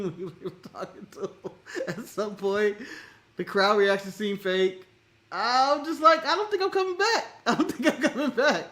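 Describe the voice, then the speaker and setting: An American man co-hosting a casual wrestling chat show, animated and laughing often, swearing and acting out other people's lines. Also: high voice. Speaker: podcast co-host.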